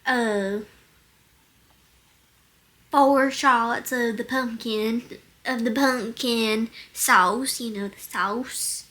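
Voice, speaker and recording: A woman's voice: on the high side, fairly even intonation, very slow, long pauses, sharp tone. A teenage girl chatting casually at home on a handheld camera, hesitant, with lots of ums, trying out silly accents. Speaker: daughter of the vlogger. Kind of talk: casual chat.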